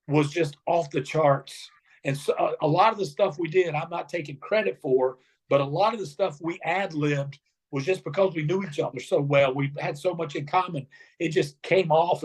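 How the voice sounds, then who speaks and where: Middle-aged man, somewhat high voice, lively storyteller, acts out quotes. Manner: animated storyteller acting out quotes. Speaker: former wrestler, guest. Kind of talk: storytelling interview.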